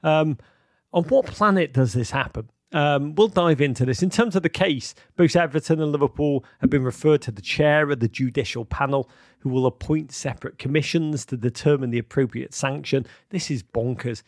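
A man hosting a live-streamed football chat, excitable and theatrical, swinging from outbursts to mock gloom with many ums. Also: mid-range voice, moderate pace, dry recording, clean studio sound. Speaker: host.

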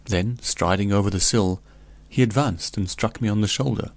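A man reading a gothic tale aloud in the first person, in a measured, solemn way. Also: deep voice. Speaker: audiobook narrator.

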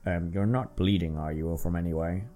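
A man putting on a low, odd-accented stranger. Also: fairly even intonation, quick pace, dark tone, faint music behind, lightly acted. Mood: suspicious.

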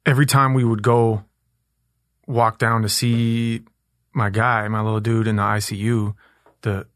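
A man's voice: fairly low pitch, level tone, unhurried, fairly bright tone, no echo. A man in his thirties from Minneapolis, a guest on a podcast, telling personal stories candidly and with lots of swearing. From Minneapolis, USA. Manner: candid, profane storytelling. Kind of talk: casual interview chat.

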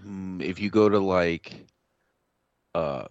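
Male co-host, very low voice, short plain answers, muffled dry audio. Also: takes it slowly, dry recording. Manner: matter-of-fact, brief answers. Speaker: podcast co-host. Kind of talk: casual podcast chat.

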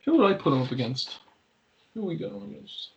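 A man's voice: high-pitched, very animated, brisk, vocal fry, lo-fi sound. A man co-hosting a casual wrestling podcast, rambling with lots of fillers and easy laughs. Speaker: podcast co-host.

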